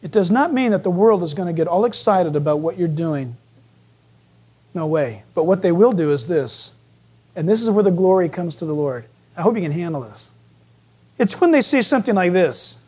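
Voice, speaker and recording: A man's voice: high-pitched, moderate pace, breathy edge. A male preacher works through a scripture passage with humor. His voice rises and falls a great deal, and he keeps slipping into other people's voices to make his points. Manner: animated, joking, acts out voices. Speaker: pastor. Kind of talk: sermon.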